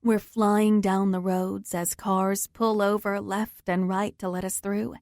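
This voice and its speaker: A woman's voice: mid-range voice, flat delivery, takes it slowly, a little mellow, dry recording, clean studio sound. A woman narrating a first-person romance audiobook in a tense, dramatic manner.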